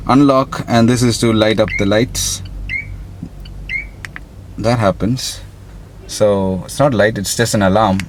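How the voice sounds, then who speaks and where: Chatty young man reviewing a car. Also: lowish voice. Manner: chatty, upbeat, addresses viewers as guys. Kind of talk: casual walkaround car review. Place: car showroom and outdoor lot. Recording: noisy street and car ambience.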